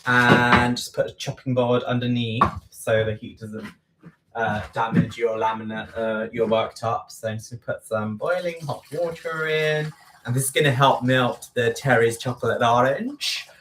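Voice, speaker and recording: A man's voice: mid-range voice, fairly even intonation, moderate pace, recorded from a distance. Rambling man in a roomy kitchen. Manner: rambling, self-correcting, chatty asides. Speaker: baking livestream host. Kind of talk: casual chat while baking. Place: home kitchen. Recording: roomy kitchen, away from mic, faint noise.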